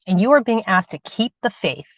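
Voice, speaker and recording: A woman hosting a spiritual livestream and reading tarot, talking casually and warmly to viewers, repeating phrases for emphasis. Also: mid-range voice, big pitch swings, brisk, dry recording. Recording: dull, lo-fi, dry livestream audio.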